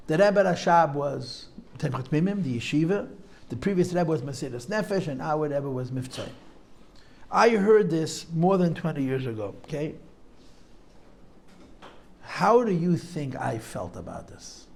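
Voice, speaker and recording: A middle-aged teacher talks to a live class in a seminary, his voice pitched high with a gravelly rasp. He drifts from one tangent to the next and circles back over his own phrases. Yiddish and Hebrew words run all through his storytelling. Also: lively intonation, unhurried. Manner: digressive, repeats phrases, peppers speech with Yiddish and Hebrew terms. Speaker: teacher giving a talk. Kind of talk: storytelling talk at a Chassidic gathering.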